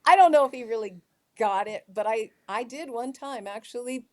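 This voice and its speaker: A woman's voice: fairly high pitch, normal speed. A middle-aged woman, a youth leadership trainer, telling stories in an interview and acting out the dialogue. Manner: animated storyteller acting out dialogue. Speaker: guest, teen leadership trainer. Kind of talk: conversational interview storytelling.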